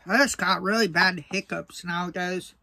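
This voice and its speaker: High-voiced young man, slow and sighing. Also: steady tone, background noise. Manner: slow, breathy sighs between short remarks, repeats "guys". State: mouth burning from spicy food. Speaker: food vlogger. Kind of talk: casual vlog talk to camera.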